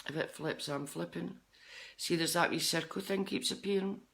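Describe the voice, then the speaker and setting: Chatty Scottish woman, bright voice. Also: fairly low pitch, moderate pace, vocal fry, a little hiss or hum. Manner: chatty, rambling, jumps between topics. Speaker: psychic medium. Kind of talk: live-streamed chat with viewers.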